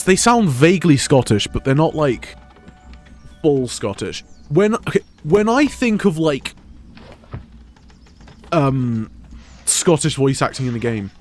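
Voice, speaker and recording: A man, streaming a game and rambling crude jokes at home. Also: fairly high pitch. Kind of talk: gameplay live stream commentary.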